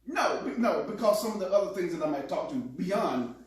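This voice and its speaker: Animated man, echoey distant mic. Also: high-pitched, fairly quick. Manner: animated, laughing storyteller who acts out quotes. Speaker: co-host. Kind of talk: casual couple chat.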